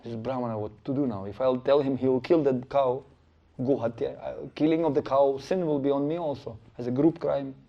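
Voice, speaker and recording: A middle-aged man giving a spiritual lecture, telling stories in an animated way and acting out the quotes, on a dull lo-fi recording. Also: mid-range voice, a little fast, gravelly. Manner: animated storytelling with acted-out quotes. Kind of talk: sermon storytelling.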